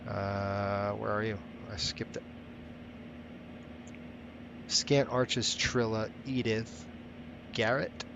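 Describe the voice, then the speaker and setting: A man's voice: on the low side, fairly even intonation, very slow, vocal fry, long pauses, noisy background. A man hosting a live stream, thinking aloud as he sets things up and chatting with viewers between steps. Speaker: flight sim streamer.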